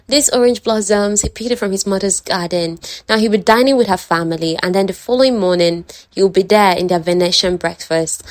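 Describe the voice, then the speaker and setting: A woman's voice: lowish voice, no echo. Chatty woman retelling a romance novel. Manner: chatty, animated, dramatized. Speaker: book summary vlogger. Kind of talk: casual story retelling.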